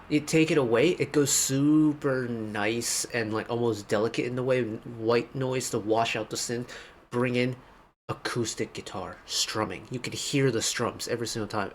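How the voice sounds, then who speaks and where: A man's voice: mid-range voice, fairly even intonation, unhurried, slight background noise. Enthusiastic man breaking down a song. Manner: enthusiastic, detail-focused. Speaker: music reaction host. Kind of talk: casual music breakdown.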